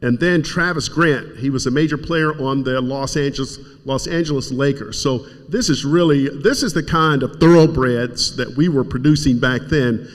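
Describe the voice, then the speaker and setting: A man's voice: medium pitch, moderate pace, few pauses. A middle-aged man from Kentucky giving an emotional speech at a community event, fighting back tears as he urges the audience on. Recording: reverberant hall sound.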